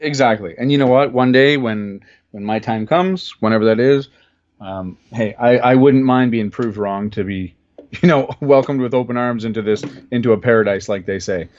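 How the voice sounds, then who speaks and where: Guy from ontario on a podcast, thinking out loud, earnest, kinda muffled lo-fi audio. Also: medium pitch, normal speed. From Ontario, Canada. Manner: earnest, thoughtful, searching for words. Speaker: podcast guest. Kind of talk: casual conversation.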